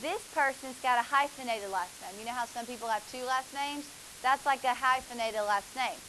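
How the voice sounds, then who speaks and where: A woman's voice: fairly high pitch, normal speed, bright, forceful tone, a little hiss or hum, poor audio. A woman, teaching a math class, asking students questions and praising their answers.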